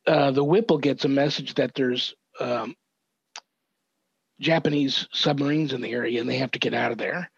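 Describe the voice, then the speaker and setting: An older man, a reverend, earnestly recounting a family story as a podcast guest, measured and thoughtful with small restarts. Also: mid-range voice, fairly even intonation, vocal fry, husky, no room sound. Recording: dull, dry lo-fi audio.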